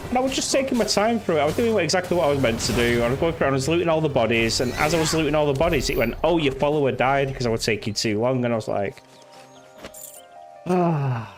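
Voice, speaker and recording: A man's voice: medium pitch, very fast, few pauses. Rambling, swearing male game streamer. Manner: rambling, swearing, acting out game lines in silly voices. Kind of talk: casual gameplay commentary. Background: game music.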